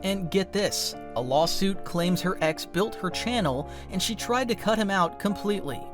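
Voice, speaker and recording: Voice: mid-range voice, animated, normal speed, over music. A narrator reading a scripted online documentary in a punchy, conversational storytelling manner.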